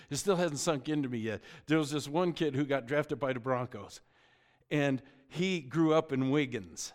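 A middle-aged man preaching a sermon, telling the story with joking asides and often restarting his sentences. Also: medium pitch. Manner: frequent stammered restarts. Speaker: pastor.

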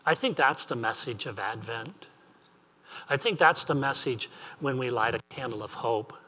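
A man's voice: medium pitch, lively intonation, normal speed, bright, forceful tone, slightly rough. A man preaching an earnest sermon as pastor, repeating phrases and asking rising questions.

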